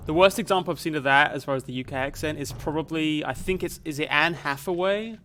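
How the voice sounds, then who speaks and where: A man's voice: a little high, quick pace, bright, forceful tone, slight background noise. A young man from Canada, live streaming a video game and musing aloud in a casual, rambling way. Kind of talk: casual chat while playing a video game.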